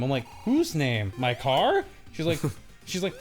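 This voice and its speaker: A man's voice: on the high side, wildly swooping pitch, normal speed, soft background music. A young man casually telling a rambling, laughing story, acting out the other people's voices. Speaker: co-host of a gaming channel. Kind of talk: casual storytelling while playing a game.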